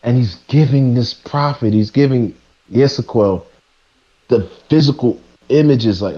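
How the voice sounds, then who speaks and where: A man's voice: mid-range voice, a little slow, dark tone, dull audio. A man streaming live, ranting preachily to his chat, stumbling and restarting as he presses his points. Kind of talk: casual rant to a live chat.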